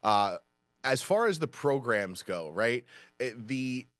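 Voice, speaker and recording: A man's voice: medium pitch, animated, slow, fairly bright tone, no echo, studio quality. A man giving an upbeat webinar presentation as a company vice president, often tagging sentences with "right?". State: out of breath.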